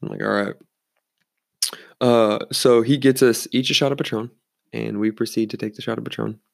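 Gravelly bartender spinning rambling stories. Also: male voice, fairly low pitch, fairly even intonation, moderate pace, no echo, clean studio sound. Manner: rambling, swears freely, acts out quoted voices. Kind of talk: casual storytelling.

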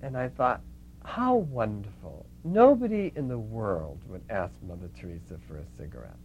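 A man's voice: on the low side, fairly quick, a little hiss or hum, rough recording. A man telling an anecdote in a casual, reminiscing way, acting out the voices in his story. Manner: lively storyteller who acts out quoted voices. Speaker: storyteller recalling the Catholic Worker.

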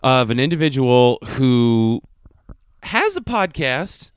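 A man's voice: medium pitch, big pitch swings, slow pace, smooth, dry recording, clean studio sound. A man co-hosting a comedy podcast, telling stories in a wry, profane way. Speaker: podcast co-host. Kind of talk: casual comedic chat.

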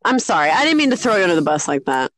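A woman talking on a podcast with a very expressive, swooping delivery. She teases her co-host and laughs often, recorded close and dry. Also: lowish voice, dry recording. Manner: teasing, laughs a lot, quick to agree. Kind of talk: casual chat.

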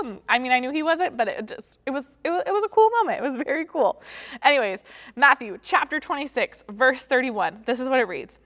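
A woman's voice: on the high side, brisk. Chatty woman teaching, echoey reverb. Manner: chatty, animated storytelling with playful asides. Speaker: Bible teacher. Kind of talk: casual Bible teaching.

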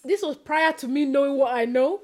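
A woman's voice: high-pitched, brisk. A woman co-hosting a podcast, telling candid stories in a playful, casual way. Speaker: podcast co-host. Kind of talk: casual chat.

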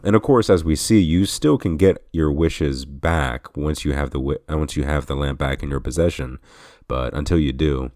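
Brief: man with a very low voice, rambling podcast host, dry close sound. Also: darkish tone, dry recording. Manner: rambling, self-correcting, chuckles often. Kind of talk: casual game retrospective commentary.

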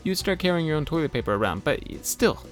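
A man giving a casual spoken English lesson, explaining vocabulary in a relaxed, chatty way with many fillers. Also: a little high, fast talker, soft background music. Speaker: English teacher.

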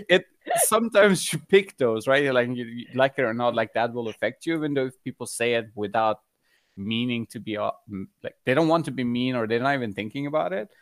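A man's voice: mid-range voice, fast, no room sound. Young man with a mixed accent. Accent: mixed British, American and Iranian. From Iran. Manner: chatty storyteller, many fillers. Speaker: podcast guest, fitness coach. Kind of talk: casual conversation.

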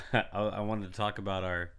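A man's voice: lowish voice, little pitch movement, moderate pace, fairly bright tone, clean tone. A man co-hosting a podcast in casual chat, a bit congested with a raw throat, rambling through a story and acting out the quotes. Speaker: podcast co-host.

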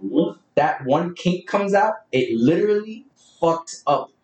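A man's voice: sits high, a little slow. A man co-hosts a loose, profane podcast chat. He jokes and swears freely. His voice comes from a distance in a roomy space. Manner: profane, joking, animated. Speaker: podcast co-host. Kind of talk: casual chat. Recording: roomy sound from a distant mic.

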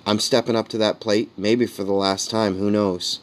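Guy with a lowish voice doing a loose solo podcast ramble, jokey then sincere. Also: flat delivery, normal speed. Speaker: podcast host and comedian. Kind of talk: casual solo monologue.

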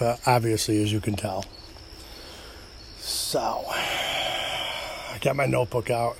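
A man's voice: medium pitch, slight background noise. Middle-aged upstate New York guy, slightly tipsy, rambling off the cuff, crickets faint behind. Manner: loose, rambling, swears and jokes at himself. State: a bit tipsy. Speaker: podcast host. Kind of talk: rambling solo podcast.

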